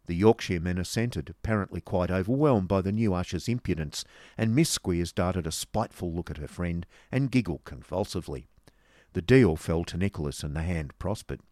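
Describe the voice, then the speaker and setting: A man narrating a classic novel as an audiobook, in an expressive storytelling manner. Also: deep voice, brisk, dry recording, clean studio sound.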